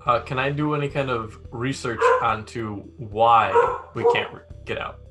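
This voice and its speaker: A man's voice: medium pitch, moderate pace, over loud music. A man playing a tabletop role-playing game, asking hesitant questions. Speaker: player. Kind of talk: casual tabletop game talk.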